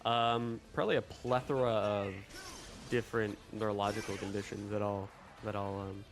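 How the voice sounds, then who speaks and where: A man's voice: lowish voice, little pitch movement, moderate pace, over music. A young man hosting a casual livestream, chatty and rambling as he talks to his chat. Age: young adult. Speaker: livestream host.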